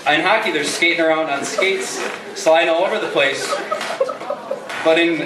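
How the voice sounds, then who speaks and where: A man doing a hesitant, halting stand-up routine at an open mic. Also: a little high, far from the mic. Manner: hesitant, halting, restarts often. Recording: echoey room, mic from afar, noisy.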